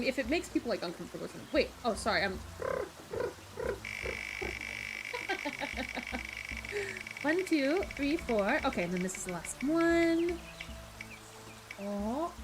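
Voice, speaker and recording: A young Australian woman streaming live, chatting casually with viewers and reading aloud, giggly and animated. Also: high voice, background noise.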